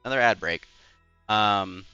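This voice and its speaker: A young man with a low-pitched but bright, forceful voice, rambling casually to his stream viewers with lots of fillers and self-deprecating asides. The audio is slightly muffled, with faint game music underneath. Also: unhurried, clean tone, no room sound. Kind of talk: casual live-stream chat.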